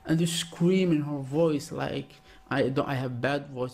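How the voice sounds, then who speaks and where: A man from Algeria with an Algerian accent, a native Arabic speaker, giving excitable reaction commentary in broken English full of "like". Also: mid-range voice, unhurried, vocal fry, few pauses, a little hiss or hum. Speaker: reaction video host. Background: song playing.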